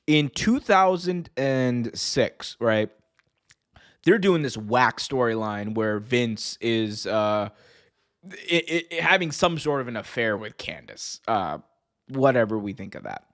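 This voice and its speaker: Speaking slowly in a medium-pitched voice, this wrestling podcast host chats casually, laughing with excitement. He trips over restarts and bellows the well-known catchphrases of commentators.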